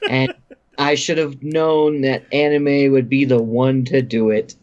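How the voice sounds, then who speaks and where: A man's voice: medium pitch, level tone, unhurried, darkish tone, highs cut off. A man in casual chat who makes wry, sarcastic remarks and questions his co-host. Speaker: podcast co-host asking questions.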